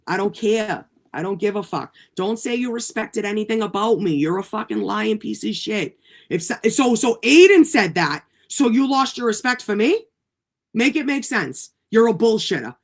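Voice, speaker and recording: A woman hosting a livestream, ranting in a profane, indignant and rapid way at her critics. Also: mid-range voice. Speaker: livestream host. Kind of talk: heated livestream rant.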